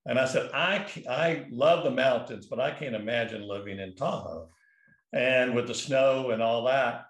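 A man's voice: medium pitch, normal speed, roomy sound. Rambling man telling a story. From California. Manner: rambling, with many restarts and fillers. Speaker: guest. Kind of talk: casual storytelling.

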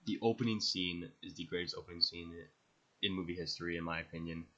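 Young man, podcast host, very low voice, monotone, enthusiastic rambling, dull lo-fi recording. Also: fast talker. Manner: rambling, enthusiastic, swears freely. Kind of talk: casual movie ranking monologue.

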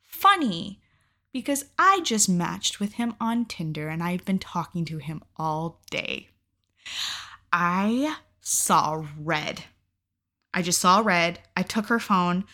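A young woman recounts a personal story in a loose, unfiltered vlog style. Her voice sits a little low for a woman, and she swears freely and peppers her sentences with "like.". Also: animated, takes it slowly, sharp tone. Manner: candid and profane, with frequent "like" and laughs. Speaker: vlogger. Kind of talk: casual storytime.

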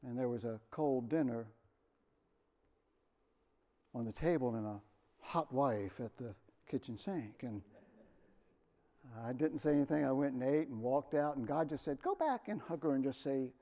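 A middle-aged pastor preaching a sermon, telling personal stories with dramatic swings from quiet to loud. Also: male voice, mid-range voice, animated, moderate pace, long pauses. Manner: earnest, storytelling with dramatic swings in loudness.

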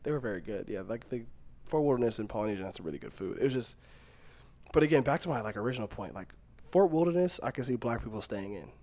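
A young man with a dark-toned, mid-range voice talks fast and animatedly as a podcast co-host. His casual chat rambles, with lots of fillers and frequent laughter.

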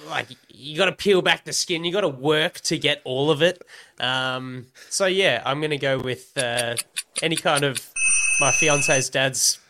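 An Australian man with a bright, edgy tone and an ordinary pitch chats on a relaxed sports podcast. He thinks out loud as he talks, circling his point with fillers like "like" and "um.". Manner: rambling, thinks aloud with many fillers. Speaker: podcast co-host. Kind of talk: casual podcast chat.

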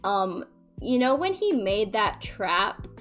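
A woman's voice: mid-range voice, sing-song, slow, a bit bright, faint music behind. A woman hosting a casual podcast chat, swearing lightly as she steers the talk. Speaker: podcast host.

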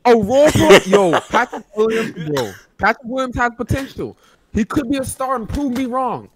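A young man in casual chat, reacting to draft news with drawn-out, incredulous exclamations. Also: very high-pitched, lively intonation, a crowd in the background.

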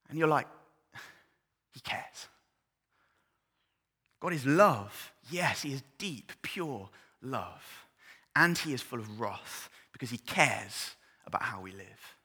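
A preacher in a church hall delivers a sermon in a bright, ringing, mid-range voice that's slightly rough, a little slow, and lively in intonation. He swings from loud, passionate build-ups to hushed, near-whispered scripture reading, his words trailing into the hall's long reverb.

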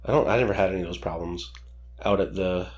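A man's voice: low-pitched, fast talker, darkish tone. A man co-hosting a casual podcast chat, dropping short wry comments. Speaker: podcast co-host.

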